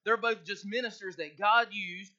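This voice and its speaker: A pastor, a man, preaches in a folksy, conversational way and reads scripture aloud. His voice sits high and sounds bright. The recording is muffled and lo-fi. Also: moderate pace. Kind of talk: sermon.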